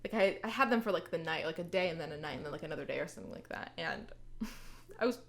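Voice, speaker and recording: A woman's voice: sits low, expressive, fast, vocal fry. A young woman as a podcast guest, chatting casually with many fillers and breaking into laughter as she tells stories. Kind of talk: casual interview chat.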